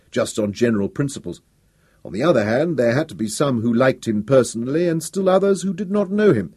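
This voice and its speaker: Expressive male audiobook narrator, husky. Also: lowish voice. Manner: expressive, dramatic storytelling. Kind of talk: scripted narration.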